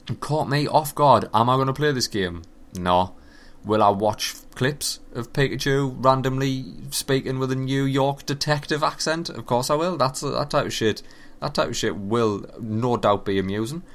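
A man giving a casual, animated and profane running commentary on video games. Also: medium pitch. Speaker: gaming commentator.

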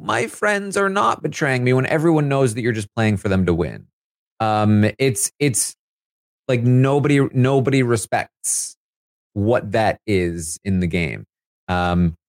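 A man hosts a live feed recap of a reality show, chatty and filler-heavy, laughing as he talks. His voice is medium-pitched with a darkish tone, studio quality and without echo.

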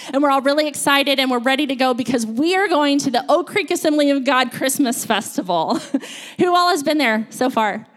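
A woman, a school counselor, giving a sermon in a church, telling stories in an animated, playful way. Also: on the high side. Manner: storytelling, animated, playful with laughs. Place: church sanctuary.

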